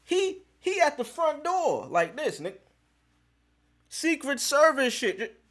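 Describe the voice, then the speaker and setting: A man's voice: extremely high pitch, big pitch swings, slow pace, a bit bright. A man hosting a podcast, telling a story in casual street slang with plenty of profanity. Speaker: podcast host.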